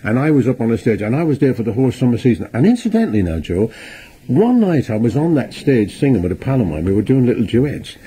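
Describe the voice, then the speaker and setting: A man's voice: medium pitch, sing-song, fast talker, warm tone, breathy edge. An older man with an Irish accent, chatting about his past and acting out the people he quotes. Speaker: interviewee, singer. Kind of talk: anecdotal reminiscing.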